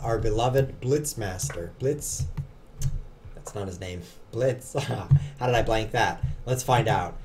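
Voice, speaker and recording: A man's voice: mid-range voice, a little mellow, a little hiss or hum. A young man streaming online chess, chatting casually and joking at his own expense while he plays. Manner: chatty, self-mocking, jokes with chat. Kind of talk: casual live commentary while playing.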